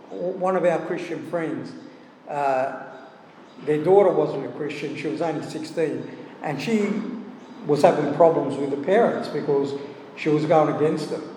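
A man's voice: on the high side, mellow, a little hiss or hum. A man giving a conversational sermon, often stopping for "you know" asides. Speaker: preacher. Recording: echoey hall, heard from a distance.

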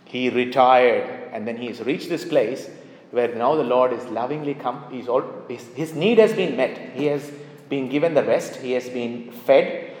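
A man's voice: mid-range voice, a little slow, darkish tone. A man preaching a sermon emphatically, repeating key phrases to drive them home. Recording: echoey hall reverb.

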